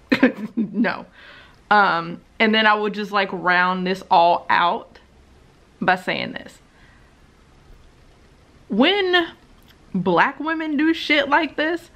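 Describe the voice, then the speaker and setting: A woman's voice: mid-range voice, a bit bright. A woman vlogging about books, ranting bluntly and profanely to her camera at home. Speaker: book vlogger. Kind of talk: ranting commentary vlog. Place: home recording.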